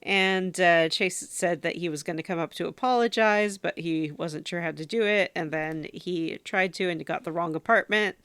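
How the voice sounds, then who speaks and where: Low-voiced woman podcaster, dry and close, chatty story recaps with frequent laughter. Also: normal speed, hardly any pauses, a bit bright, clear, resonant tone, dry recording. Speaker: podcast co-host recapping a game. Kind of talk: casual chat.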